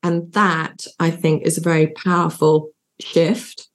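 Middle-aged British woman, low register, warm storyteller, video-call interview guest. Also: flat delivery, slow. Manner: warm, effusive, storytelling with quoted inner thoughts. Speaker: guest, divorce coach. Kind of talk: candid interview conversation.

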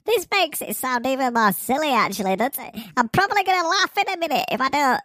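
A man putting on a Yorkshire accent for a comic podcast bit, with his voice raised by a pitch-shifting effect, giggly and stumbling. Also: very animated, quick pace, sharp tone, full character voice. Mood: silly. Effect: pitch-raising voice effect.

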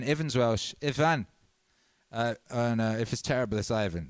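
A man hosting a live stream, chatting in a relaxed, rambling way and giving shout-outs to his viewers. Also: medium pitch, moderate pace. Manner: laid-back and rambling, reading out chat shout-outs. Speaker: livestream host. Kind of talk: casual live-stream chat.

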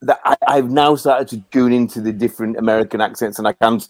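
A man's voice: medium pitch, steady tone, fast talker, dry recording. A man with a British accent chatting playfully as a podcast guest. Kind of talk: casual chat.

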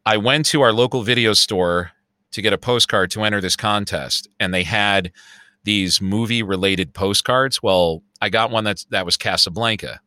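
Chicago man, fifties, podcast co-host, animated storyteller, crisp and bright voice, dry recording. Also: fairly low pitch, normal speed, no echo. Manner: storytelling, animated, swears freely. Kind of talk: casual chat.

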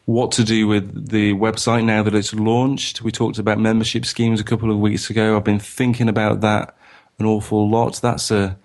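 Male co-host, lower voice, musing and halting, casual chat. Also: flat delivery, a little mellow. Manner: thoughtful, hesitant, many ums. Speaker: podcast co-host.

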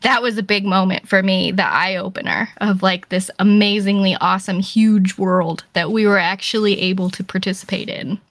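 A woman telling a casual story on a podcast, acting out her own past reactions in an animated way. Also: medium pitch, moderate pace, hardly any pauses, dry recording. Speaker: podcast guest.

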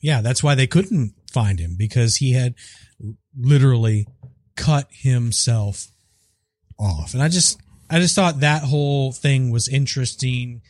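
A man's voice: medium pitch, a little slow, darkish tone, no echo, clean studio sound. Thoughtful, hesitant man in casual chat. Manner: thoughtful, hesitant, restarts often.

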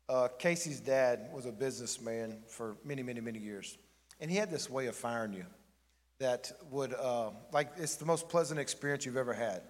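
Joking pastor preaching in an echoing hall. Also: male voice, medium pitch, normal speed. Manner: joking, conversational preaching with the congregation. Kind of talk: sermon. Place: church sanctuary.

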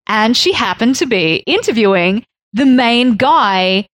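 A woman co-hosting a food travel podcast, chatting in a lively and incredulous way. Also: fairly high pitch, unhurried, dry recording. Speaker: podcast co-host. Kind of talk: casual travel storytelling.

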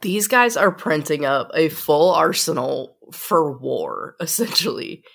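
Woman, co-host, lowish voice, casual TV recap chat, laughs a lot. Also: lively intonation, slow, vocal fry. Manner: laughs often while talking, thoughtful asides.

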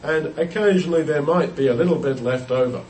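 A man's voice: fairly high pitch, fairly quick, darkish tone, a little hiss or hum. A man explaining a Bible passage in an unscripted teaching talk, thoughtful and explanatory, often restarting and repeating words. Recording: roomy echo, heard from a distance.

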